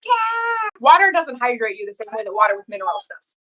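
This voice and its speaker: A woman's voice: fairly high pitch, big pitch swings, fairly quick, fairly bright tone, low-quality recording. A woman co-hosting a podcast, talking casually and emphatically, repeating her points with plenty of "like". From United States. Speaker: podcast co-host. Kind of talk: casual chat.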